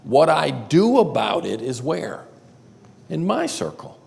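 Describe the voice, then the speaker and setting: A man with a gravelly, lively voice teaches a live seminar, swinging his pitch up and down as he talks. He keeps it conversational and fires questions at the audience. The sound rings with the long reverb of a large hall. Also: slow pace. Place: church auditorium before an audience.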